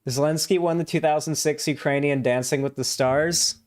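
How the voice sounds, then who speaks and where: A man's voice: fairly high pitch, steady tone, normal speed. A man hosting a casual livestream, chatting and reading donations in a rambling way with many fillers. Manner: rambling, full of fillers and restarts. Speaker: livestream host. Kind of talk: casual live chat.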